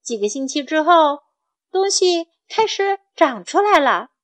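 A woman reading a storybook aloud to children, her voice high. She takes her time and repeats each phrase clearly for young learners. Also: very animated, unhurried. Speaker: storyteller and English tutor for children.

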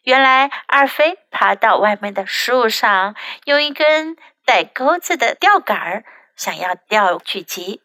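A woman teacher reads a bilingual children's story in a slow, careful storybook style. Her voice sits a little high and bright, and the close, dry recording puts her right at the mic. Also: expressive, no room sound. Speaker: English teacher.

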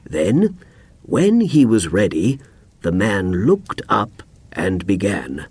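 A man narrating a graded-reader story slowly and expressively. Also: on the low side, no echo. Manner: slow, clear, expressive. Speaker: audiobook narrator. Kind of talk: scripted narration for learners.

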